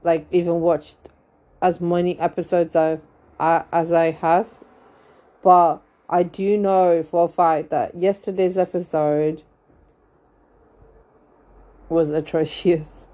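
A woman's voice: fairly low pitch, little pitch movement, slow pace, long pauses, warm tone. A young woman hosting a casual gossip podcast, rambling with lots of fillers and frequent laughter. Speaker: podcast host.

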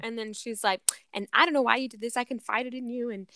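A woman in casual chat, recapping a reality show in a chatty way, quick to chime in. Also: fairly high pitch, fairly even intonation, bright, forceful tone, no room sound.

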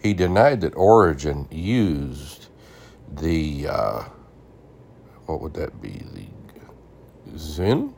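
A man's voice: very deep voice, sing-song, creaky, a little mellow, slight background noise. A man hosting a Bible podcast, reading an old scholarly text aloud and stopping to add his own comments and spell out names. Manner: reads deliberately, stops to explain names and spellings.

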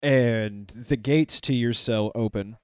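A man narrating as game master of a tabletop role-playing game, in a relaxed, loose storytelling way. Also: on the low side, a little slow, no echo, clean studio sound.

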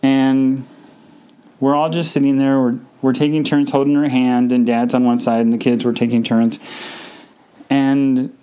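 A man tells a personal story on his podcast, his voice dark and mellow with a smooth, clean tone. He speaks haltingly, stopping and restarting and leaning on fillers, and his delivery is subdued and emotional. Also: medium pitch, flat delivery, poor audio. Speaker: podcast host.

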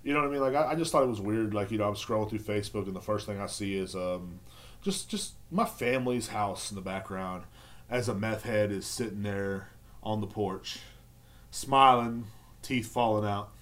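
A man's voice: lowish voice, moderate pace, a bit bright. A man hosting a casual solo podcast, rambling, swearing often and turning sarcastic. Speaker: podcast host.

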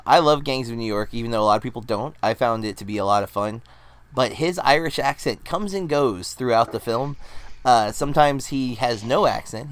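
A man co-hosting a podcast in casual chat, rambling with lots of fillers. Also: medium pitch. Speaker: podcast co-host.

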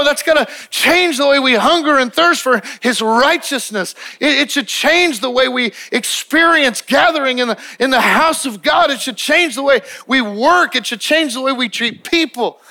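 A middle-aged man preaching a sermon as pastor, emphatic and repetitive, acting out quick little dialogues. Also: extremely high pitch, bright, forceful tone.

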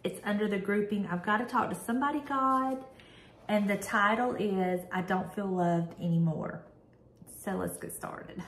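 A woman's voice: medium pitch, normal speed, a bit bright, echoey room. A woman vlogger reading a devotional prayer aloud and reflecting on it in an earnest, candid, conversational way.

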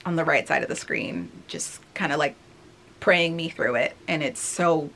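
A thirty-year-old woman reacts to an old video of herself, speaking candidly and casually in a rambling way full of fillers. Her voice is deep, creaky, and fairly bright, at a normal pace. It's casual reflective commentary.

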